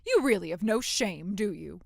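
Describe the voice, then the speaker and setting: A woman's voice: mid-range voice, animated, moderate pace, creaky, darkish tone, dry recording, clean studio sound. An actress voicing a cold, scornful mother who later turns gushing and pushy in a dramatic story. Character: cold, scornful, manipulative middle-aged mother.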